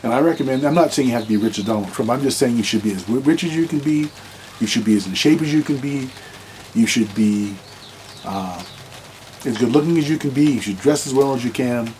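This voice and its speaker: A blunt man giving dating advice in a loose, unscripted monologue, with a voice of ordinary middle pitch. He rambles and often restarts his sentences, stumbling over repeated words as he goes. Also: fairly quick, a little mellow, a little hiss or hum, low-quality recording. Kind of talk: casual monologue to camera.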